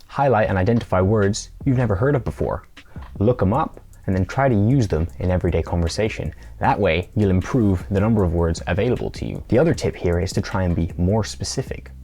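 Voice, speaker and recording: A man's voice: sits low, expressive, a little fast, warm tone, husky. A man presenting a scripted tutorial in a playful way, now and then acting out little mock conversations. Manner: playful, acts out mock dialogue.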